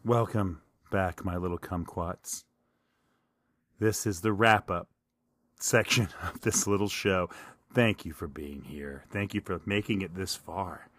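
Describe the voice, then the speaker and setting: A man with a low voice talks through his ideas in a loose, rambling way, poking fun at himself as he goes. He is recorded on a dry, close microphone with no room sound. He comes across as a middle-aged solo podcast host chatting casually. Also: a little slow, fairly bright tone, no echo. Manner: rambling, self-deprecating, stream of consciousness.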